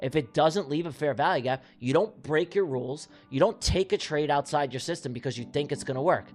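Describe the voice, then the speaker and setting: A man's voice: on the high side, brisk, faint music behind. A man hosting a live trading stream, venting and swearing as he talks his chat through a trade that went wrong. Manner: exasperated, venting, profane. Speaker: livestream trading host.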